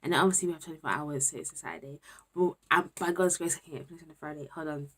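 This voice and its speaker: Chatty young woman, low voice. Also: racing, fairly bright tone. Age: 20s. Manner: chatty, candid, often drops to a murmur. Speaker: university student vlogger. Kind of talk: casual vlog chat to camera.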